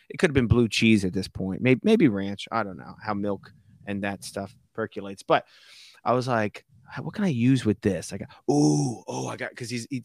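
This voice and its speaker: Animated man telling a prank story. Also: mid-range voice, no room sound, studio quality. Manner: animated storyteller, acts out quoted voices. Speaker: guest. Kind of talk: casual storytelling chat.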